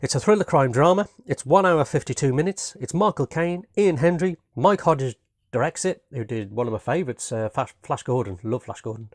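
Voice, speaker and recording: A man's voice: medium pitch, animated, fairly quick, no room sound, clean studio sound. Rambling, enthusiastic British man. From Britain. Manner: enthusiastic, rambling, says "man" and "you know what I mean". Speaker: home movie reviewer. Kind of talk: casual video review.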